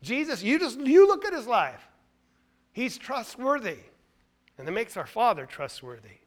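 A man preaching a sermon in a high, lively voice that climbs and dips widely. He presses home his points with rhetorical questions. He swings from loud, stressed lines to near-hushed asides. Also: a little slow. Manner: emphatic, asks rhetorical questions.

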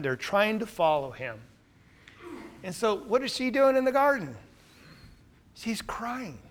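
Preaching in a high voice, a man asks his listeners questions, supplies the answers himself, and works up to louder, emphatic points.

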